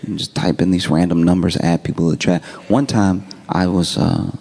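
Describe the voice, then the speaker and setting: A man doing stand-up comedy, telling a long story in a laid-back, deadpan way. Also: low-pitched, moderate pace, vocal fry.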